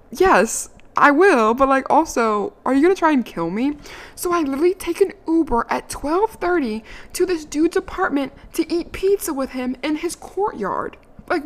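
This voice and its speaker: A young adult woman telling a dating story in a casual, brash and profane way, her voice jumping higher when she gets indignant. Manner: lively, climbs high when indignant.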